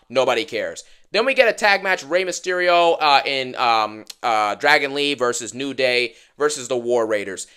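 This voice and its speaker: A man hosting a wrestling review channel, ranting fast and dismissively about last night's show. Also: mid-range voice, sing-song, bright, forceful tone, smooth. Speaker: wrestling YouTuber.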